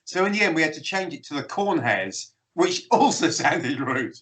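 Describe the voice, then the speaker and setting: A British man, a musician guest on a video call, telling lively anecdotes and laughing through them. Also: on the high side, normal speed, poor audio. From Britain. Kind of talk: casual storytelling interview.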